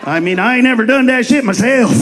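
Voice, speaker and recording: A man's voice: very high voice, lively intonation, moderate pace, a crowd in the background, background noise. A comedian voicing a sheepish redneck man who admits the joke is true but blames his cousin.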